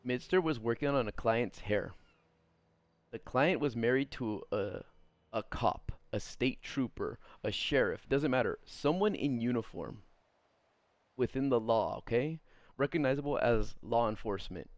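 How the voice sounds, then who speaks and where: Streamer guy ranting casually, middle-pitched voice, swears and laughs a lot. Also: animated, measured pace, no room sound. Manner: exasperated, rambling, swears, laughs at what he reads. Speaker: streamer reading viewer stories. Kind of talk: casual live-stream commentary.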